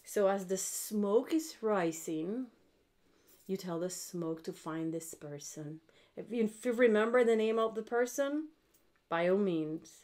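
A woman's voice: medium pitch, animated, unhurried, darkish tone. A middle-aged woman, talking viewers through a spell in a blunt, chatty way, swearing freely and often checking in with them. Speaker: witchcraft video host. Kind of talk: casual spell tutorial.

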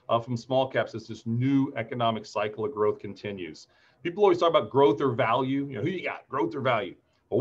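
A man's voice: medium pitch, slightly rough, dull audio. Chatty man in his forties presenting. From Ohio, USA. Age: 40s. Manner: chatty, upbeat, tells anecdotes between chart talk. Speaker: market strategist presenter. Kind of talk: webinar presentation.

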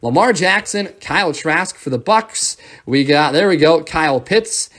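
A man's voice: fairly high pitch, lively intonation, measured pace, a bit bright. Upbeat man calling a live card break. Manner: upbeat, rattles off player names, thanks viewers.

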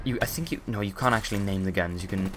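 A man's voice: lowish voice, quick pace, very noisy. A man with a sore throat and hiccups, giving rambling, sweary casual gameplay commentary full of ums.

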